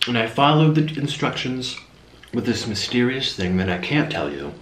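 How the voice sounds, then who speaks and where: A young man hosts a mukbang at home, chatting casually and rambling between bites. His medium-pitched voice swings widely in pitch at a normal speed, and the recording has a roomy echo with slight background noise.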